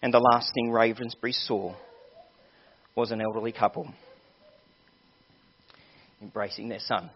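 A man's voice: medium pitch, fairly even intonation, a little slow, pauses often, husky. A male pastor preaching a sermon, telling a story with earnest appeals to his listeners. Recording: dull lo-fi sermon recording.

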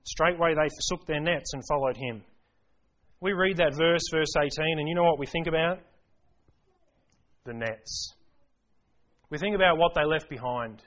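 A man's voice: a little high, moderate pace, pauses often, fairly bright tone. A man preaching a sermon, earnest and emphatic, putting rhetorical questions to his congregation.

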